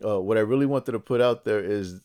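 A man's voice: on the low side, a little fast, dark tone. A man co-hosting a casual podcast, chatty and jokey, often restarting his sentences. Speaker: podcast co-host.

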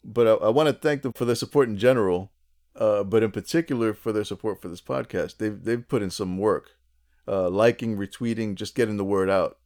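A man's voice: fairly low pitch, brisk, darkish tone. A man co-hosting a casual podcast, chatty and jokey, often restarting his sentences. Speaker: podcast co-host.

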